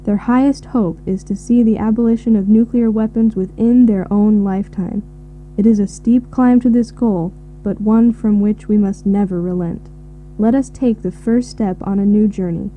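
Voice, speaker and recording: A woman reading a formal declaration on peace in a steady, declarative way. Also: medium pitch, moderate pace. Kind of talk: read-out speech. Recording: tinny phone-like recording with hum.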